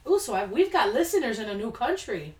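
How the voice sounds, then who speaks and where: A podcast host reads listener stories aloud from an echoey home studio room, reacting with blunt, laid-back asides. Her voice is on the high side, sing-song and fairly quick.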